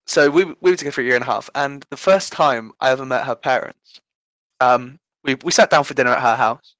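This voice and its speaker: A young English man of eighteen tells self-deprecating stories in loose, rambling chat. His voice is dry and close to the mic, at a middle pitch. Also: a bit bright, no echo, poor audio. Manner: rambling, self-deprecating anecdotes, laughs often. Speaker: guest storyteller. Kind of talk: casual podcast chat.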